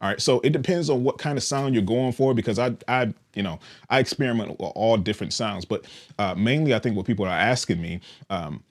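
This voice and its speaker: A man casually demonstrating and explaining a bass guitar's controls, in a relaxed, explanatory way with frequent "all right" checks. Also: a little fast. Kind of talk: casual instructional demo.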